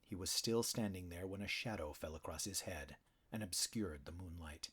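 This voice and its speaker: A man narrating an animal fantasy audiobook in a measured, dramatic storytelling manner. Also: sits low, fairly bright tone, slightly rough.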